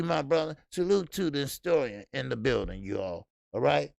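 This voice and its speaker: A man with a heavy gravelly rasp hosts a casual live boxing stream, dropping slang and swear words as he rambles. He shouts out viewers by name as he goes. The sound is close and dry, with no room around it. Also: medium pitch, very animated, moderate pace, dry recording. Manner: loose, profane, talks to the chat. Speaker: boxing show host.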